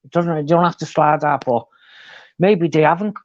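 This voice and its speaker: A chatty man, pitched a little high for a man. He tells his stories in an animated, running way. The sound is dull and lo-fi but dry. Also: moderate pace, no echo. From England. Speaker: co-host. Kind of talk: casual live chat.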